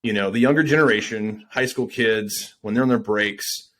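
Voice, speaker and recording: A man's voice: lowish voice, moderate pace, a bit bright, a little hiss or hum. A man talking casually on a business podcast, rambling with fillers and swearing.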